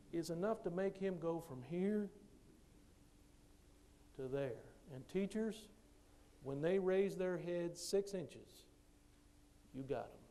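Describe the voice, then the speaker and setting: A man who coaches, giving a motivational speech to teachers and acting out the dialogue in his stories. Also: a little high. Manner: animated storyteller who acts out dialogue.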